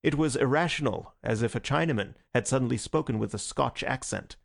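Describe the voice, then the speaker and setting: A man narrating an audiobook in a measured, even reading voice. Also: mid-range voice, vocal fry. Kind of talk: scripted narration.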